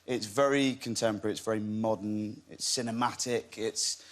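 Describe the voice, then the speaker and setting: A man's voice: on the low side, fairly even intonation, normal speed. A young man sits as a guest on a television chat show. He talks easily and self-deprecatingly about his work. He chuckles often as he tells stories. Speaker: actor guest. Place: TV studio.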